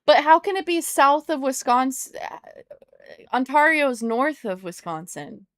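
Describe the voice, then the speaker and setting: Slow-talking young woman chatting on stream. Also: high-pitched, sing-song, no room sound, clean studio sound. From United States. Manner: rambling and easily surprised, swears when startled. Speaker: livestreamer. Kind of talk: casual live-stream chat.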